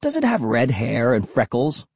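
A man's voice: on the low side, sing-song, normal speed, dark tone, slightly rough, dry recording, exaggerated voice. A man doing a sarcastic skeptical boy. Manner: sarcastic, grumbling. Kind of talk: audiobook character voice.

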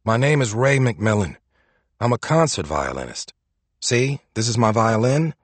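A man voicing a young male violinist who swears and yells in anger. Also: fairly low pitch, big pitch swings, measured pace, slightly rough, dry recording, heavily acted. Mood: pleading. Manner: shouting, swearing.

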